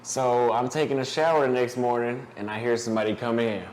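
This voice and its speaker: A man's voice: mid-range voice, little pitch movement, a little fast, a little mellow. A young man talks straight to camera in a loose, profane vlog, rambling through dating advice and a personal story. He restarts often and swears freely as he goes. A faint hiss sits under the voice. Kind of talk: casual monologue to camera.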